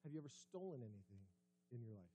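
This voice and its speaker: A man preaching a sermon as pastor, conversational, asking the congregation questions and dropping his voice low and quiet for emphasis. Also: sing-song, quick pace, slightly rough, no echo. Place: church sanctuary.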